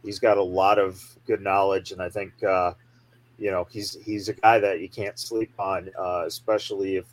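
A man interviewing a guest on a casual podcast, with halting questions full of fillers. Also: sits low, level tone, poor audio. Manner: halting, with many fillers and restarts.

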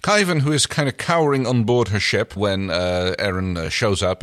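A man's voice: fairly low pitch, normal speed, fairly bright tone, dry recording, studio quality. A man co-hosting a podcast, animatedly retelling an episode's plot in casual chat, with frequent hesitations. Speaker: podcast co-host.

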